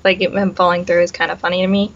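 A woman's voice: lowish voice, little pitch movement, rapid-fire, dull audio. A young woman co-hosting a casual podcast chat, thoughtful and a little hesitant. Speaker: podcast co-host.

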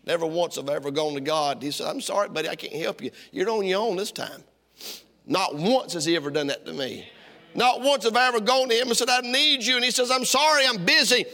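High bright-voiced preacher in a reverberant church. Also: male voice, fairly quick. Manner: preaching with wide swings from loud to hushed. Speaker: pastor. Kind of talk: sermon. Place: church sanctuary.

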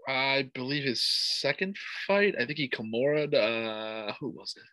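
A man co-hosting a casual podcast, talking excitably, swearing freely and acting out his own reactions. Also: medium pitch, measured pace, no room sound. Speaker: podcast co-host. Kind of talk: casual fight-talk podcast chat.

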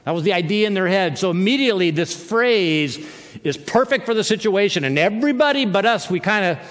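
A man's voice: high-pitched, animated, brisk, fairly bright tone. A man preaching a sermon in a conversational way, often checking in with the listeners by asking "right?". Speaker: pastor. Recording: long reverb of a large hall.

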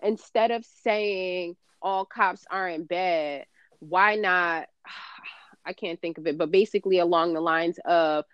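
A woman's voice: fairly low pitch, slow, clean tone, dry recording, highs cut off. A woman co-hosting a podcast in casual chat, talking emphatically and profanely, rambling with many fillers. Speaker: podcast co-host.

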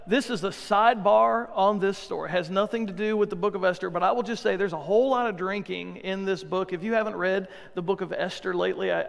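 A male pastor preaching in a loose, conversational way, tossing in jokes and stumbling over repeated words. His voice sits high and has a gravelly edge. It rings with the long reverb of a big hall. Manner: conversational, joking asides, repeats words when restarting. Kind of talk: sermon.

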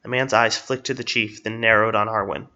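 A man reading a story aloud in steady, measured narration. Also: lowish voice. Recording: slightly dull, lo-fi.

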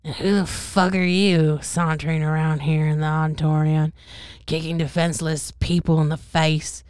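A woman's voice: low-pitched, flat delivery, moderate pace, a little mellow, clean tone, no echo, studio quality, natural voice. A woman reading as a cursing traitor frozen in ice. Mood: defiant. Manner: foul-mouthed, spitting insults.

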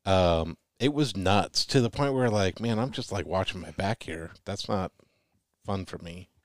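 Smooth, low-voiced man chatting sports. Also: unhurried, no room sound, studio quality. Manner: easygoing, rambling with fillers. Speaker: co-host. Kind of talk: casual sports chat.

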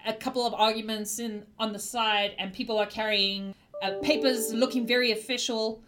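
A woman narrating a tabletop role-playing game as game master, chatty and quick to laugh, thanking viewers between scenes. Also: fairly high pitch, steady tone, music in the background.

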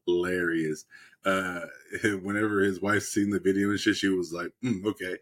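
A man's voice: low voice, little pitch movement, moderate pace, a bit bright. A man in casual podcast chat, retelling a TV show in a rambling, profane way and laughing often. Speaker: podcast co-host.

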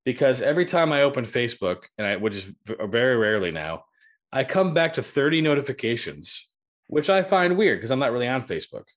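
Mid-pitched male co-host; wry, deadpan gripes laced with swearing. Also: fairly quick. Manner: wry, deadpan complaining with profanity. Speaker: podcast co-host. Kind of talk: casual comedic chat.

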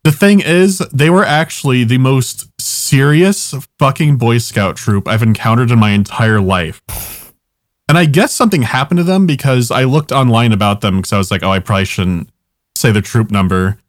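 A young man in casual chat, spinning a rambling anecdote full of fillers and swearing. His voice sits at an ordinary middle pitch. It is recorded close and dry, with no room sound. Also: lively intonation, normal speed, dry recording. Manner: rambling, swears often, laughs at his own stories.

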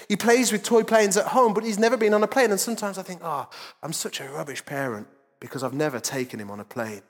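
Brief: male lead pastor, 30s, high voice, chatty joking sermon, long church-hall reverb. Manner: conversational, joking, self-deprecating preaching. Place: church auditorium.

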